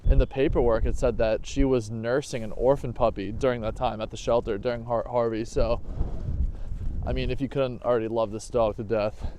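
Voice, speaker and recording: A man's voice: mid-range voice, steady tone, fairly quick, warm tone, slight background noise. A man, chatting casually to his dog and viewers as he records a walking vlog outdoors on an action camera. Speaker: vlogger hiking with his dog. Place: outdoors in a snowy park.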